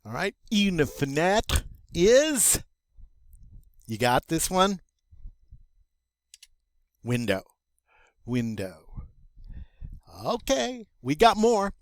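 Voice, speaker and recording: Older guy, french teacher, real slow and folksy, dry close sound. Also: mid-range voice, big pitch swings, no echo. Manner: slow, patient and folksy, drawing out French words. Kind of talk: recorded vocabulary lesson.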